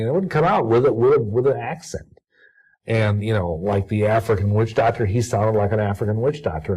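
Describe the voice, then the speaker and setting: A man answers interview questions at length, rambling and often stopping to restart his sentences. His voice sits on the lower side. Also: warm tone, rough recording. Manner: rambling, halting, lots of restarts. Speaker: interview guest.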